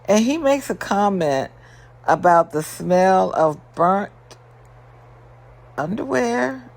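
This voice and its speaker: A woman vlogger giving a sassy, animated recap of a reality show, full of exasperated rhetorical questions and big swings in pitch. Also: slow, vocal fry.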